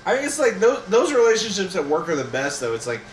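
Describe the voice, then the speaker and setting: A man's voice: high-pitched, big pitch swings, fast. A young man talking casually about work, ranting and swearing. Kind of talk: casual podcast chat. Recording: echoey room, faint noise.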